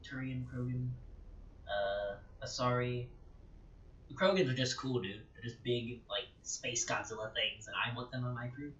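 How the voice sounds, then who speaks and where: A man's voice: mid-range voice, unhurried, a bit bright. Joking man doing gameplay commentary. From United States. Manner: rambling, joking, casual asides. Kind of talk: let's-play commentary. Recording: echoey, dull home recording.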